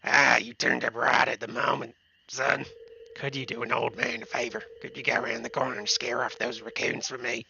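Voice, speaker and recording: A man's voice: mid-range voice, lively intonation, normal speed, gravelly, pushed and bright, highs cut off, full character voice. A man reading aloud the lines of a grumpy old man villager in a farming game. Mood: weary.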